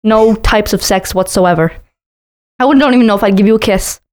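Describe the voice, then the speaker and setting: A woman in playful casual chat at home in a bedroom, teasing and quick to mimic how others talk. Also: mid-range voice, a little mellow.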